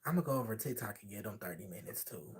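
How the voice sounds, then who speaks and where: A man chatting on his livestream, spinning a story with plenty of sass. His pitch swings up and down as he talks. He acts out other people's lines as he goes. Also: fast talker. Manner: sassy, animated, acts out quoted voices.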